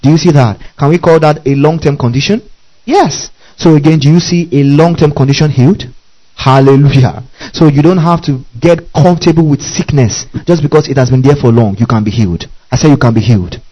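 A male pastor preaching a sermon with call-and-response, building to forceful exhortation. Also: fairly high pitch, a little fast, highs cut off.

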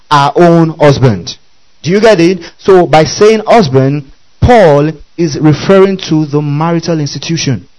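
A man's voice: a little high, darkish tone, rough recording. A man preaching a Bible-teaching sermon, often asking the congregation whether they follow. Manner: keeps checking the audience follows, repeating questions.

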